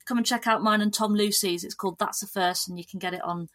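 Animated woman guest chatting. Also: mid-range voice, fast talker. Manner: lively, animated, lots of restarts and laughter. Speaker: podcast guest. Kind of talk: casual chat.

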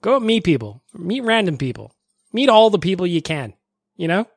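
A man's voice: sits high, big pitch swings, moderate pace, dry recording, clean studio sound. A young male podcast host chatting casually and enthusiastically, with self-deprecating humor.

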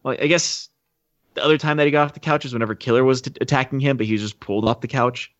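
A man's voice: medium pitch, steady tone, very fast, fairly bright tone, dry recording, lo-fi sound. A man co-hosting a podcast, recapping a film in a rambling, casual way. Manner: rambling storyteller, acts out quotes. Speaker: podcast co-host.

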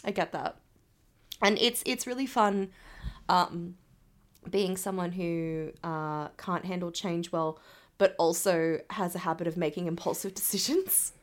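A woman's voice: lowish voice, unhurried. A woman co-hosting a podcast in casual chat, who laughs often and teases her co-host.

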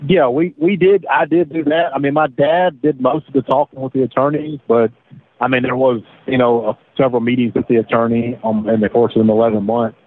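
A man, recounting his past in a halting way with repeated words, over the phone. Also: medium pitch, fairly even intonation. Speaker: interviewee, former defendant. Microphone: phone line. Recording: tinny phone line.

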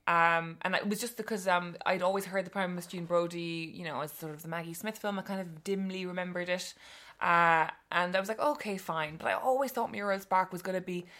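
An enthusiastic woman with a slightly lower voice talks about books she loves. She gushes, laughs easily and speaks in a relaxed, chatty way. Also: fairly quick. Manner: enthusiastic, laughs often, gushing. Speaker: guest. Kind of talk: casual chat about books.

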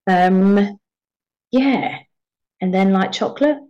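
A woman's voice: mid-range voice, slow pace, warm tone. A young woman actor telling stories in a casual conversation, laughing often and acting out her own past remarks. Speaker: actor, podcast guest. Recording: slightly muffled, lo-fi audio.

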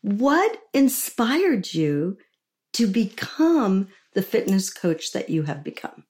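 A woman's voice: medium pitch, big pitch swings, slow pace, darkish tone. A woman hosting a podcast interview, talking in a gushing, emotional, chatty way. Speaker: podcast host.

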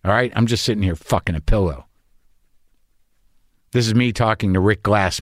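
A man's voice: fairly low pitch, normal speed, pauses often, faint music behind. A man hosting a podcast, talking in a rambling, anxious, profane comedic monologue. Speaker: podcast host.

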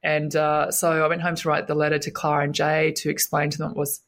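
A woman's voice: low voice, completely flat delivery, fast talker. A woman, a guest telling her own story in an interview, earnest and emotional, often repeating her words.

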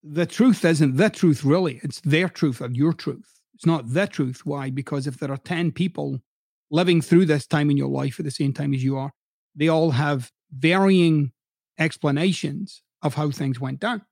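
A man's voice: fairly high pitch, normal speed, gravelly, darkish tone, dry recording, studio quality. A middle-aged man who hosts a podcast and used to coach, giving a blunt, profane motivational monologue with heavy emphasis. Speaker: podcast host, former coach.

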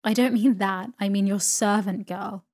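A woman's voice: medium pitch, fairly even intonation, moderate pace, a little mellow, natural voice. A woman reading a storybook, voicing a stern, brusque elderly great-aunt who speaks in a commanding, indignant manner.

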